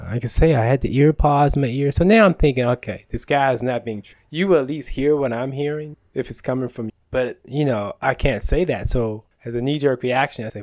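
Animated man telling a story. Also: mid-range voice, fairly quick, dry recording. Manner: animated, acts out dialogue, laughs often. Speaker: podcast guest telling a story. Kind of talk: casual storytelling.

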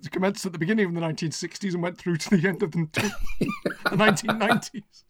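A man's voice: sits high, fast, slight background noise. A man presenting a radio show about television, chatting in a wry, rambling, self-deprecating way on a close mic. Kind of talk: casual radio chat.

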